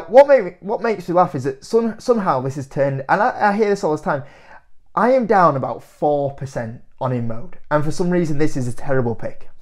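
Reacting to comments, a young man who runs an investing YouTube channel chats casually on camera in a voice on the high side. He sounds animated and disbelieving, with frequent laughter.

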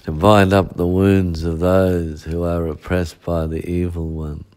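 A man's voice: low-pitched, little pitch movement, unhurried, a little mellow. A male pastor, preaching a midweek sermon with heavy repetition and rhetorical asides.

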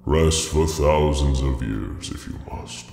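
A man voicing a godlike being who speaks in a slow, grave, measured way. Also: rumbling low, creaky, a little mellow, roomy sound, in a large hall, soft background music, voice pushed down, exaggerated voice. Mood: gentle, fatherly. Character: commanding deity, calm and fatherly, male.

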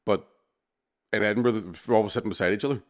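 A man's voice: on the low side, fast talker. Sweary man telling stories. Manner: sweary, laughing storyteller. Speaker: podcast co-host. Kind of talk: casual chat.

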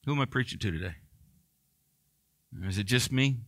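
A man's voice: mid-range voice, lively intonation, normal speed, fairly bright tone, dry recording. A male pastor preaching a sermon in a conversational way, joking and poking fun at himself.

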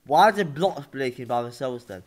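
A young man gaming and chatting casually, exasperated and swearing, sometimes shouting. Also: medium pitch, expressive, normal speed. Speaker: gaming video host. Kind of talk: casual gameplay chat.

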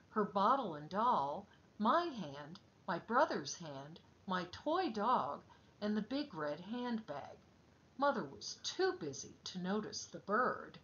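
Slow expressive woman reading a story. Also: mid-range voice, muffled recording.

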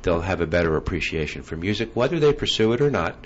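A man hosting an interview show, speaking in a measured way with hesitant ums. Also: deep voice, big pitch swings. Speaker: talk show host. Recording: dull lo-fi sound with faint hiss.

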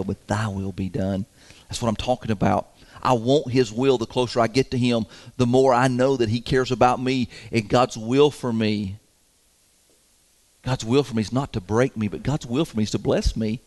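A man's voice: mid-range voice, a little mellow. A man preaching a sermon to his congregation in a folksy, emphatic way, chuckling often. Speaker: pastor. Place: church sanctuary.

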